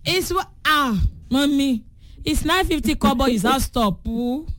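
A Nigerian woman hosting a lively call-in radio game show, switching between English and Yoruba and teasing her callers. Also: high voice, measured pace. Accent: Nigerian, Yoruba-speaking.

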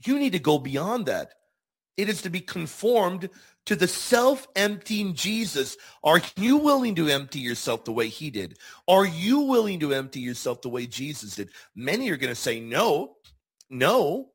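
A man's voice: a little high, sing-song, moderate pace, husky. A man hosting a Catholic teaching show, speaking earnestly and emphatically, repeating key words for stress. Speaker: show host.

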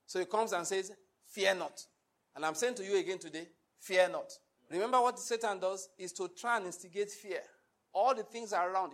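A man's voice: high voice, a bit bright. A man preaching a sermon, emphatic and full of rhetorical questions to the congregation. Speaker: pastor.

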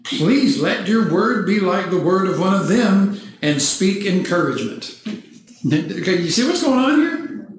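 A man preaching a sermon, reading scripture aloud and breaking into animated, mock-cheering asides. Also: high voice, unhurried. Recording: echoey church hall, faint noise.

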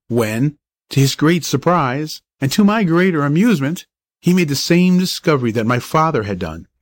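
A man reading a story aloud in a measured, steady way. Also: medium pitch, no echo, clean studio sound. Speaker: narrator. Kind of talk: audiobook narration.

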